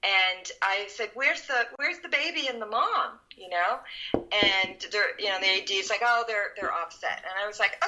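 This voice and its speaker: Bright-voiced woman telling set stories. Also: medium pitch, normal speed, rough recording. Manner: animated, acts out quotes. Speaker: film production veteran. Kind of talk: storytelling interview.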